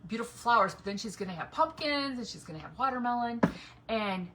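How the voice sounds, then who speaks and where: Fast and lively in intonation, a middle-aged woman's fairly high voice carries a rambling, laugh-filled chat as she paints a craft project. It's a casual home livestream from her yard or garage, with noisy audio.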